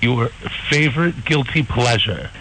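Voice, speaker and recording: A man co-hosting a radio interview, effusive and halting, with many restarts. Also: mid-range voice, animated, background noise. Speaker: radio show co-host.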